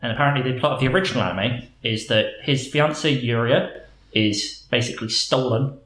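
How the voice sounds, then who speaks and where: A man's voice: mid-range voice, a little fast, a bit bright, roomy sound, rough recording. A man co-hosting a casual gaming podcast, explaining a game's plot with jokes. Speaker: podcast co-host.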